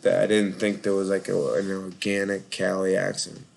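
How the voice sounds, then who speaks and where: Tired Boston-accented male call-in host, low and gravelly, loose rambling delivery. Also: completely flat delivery, normal speed, a little hiss or hum. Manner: rambling, filler-heavy, lots of "like". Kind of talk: casual live call-in chat.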